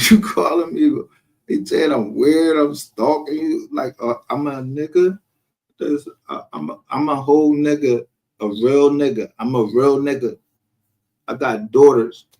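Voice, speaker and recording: Male livestream host, middle pitch, brash and profane, laughs through his commentary. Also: a little slow, a little mellow.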